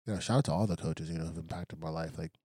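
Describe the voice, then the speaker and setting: A man's voice: extremely low pitch, rapid-fire, a little mellow, slightly rough, dry recording, studio quality. A young adult man, a professional fighter, telling stories in a casual interview and acting out quoted lines with animation. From United States, raised by Congolese immigrant parents.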